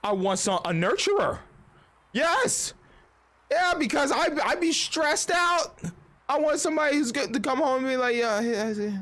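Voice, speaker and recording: His voice here is very high-pitched and a bit bright, animated but at a moderate pace. The streamer, a man in his 30s, swears and rambles in casual livestream chat, acting out others' voices as he tells stories.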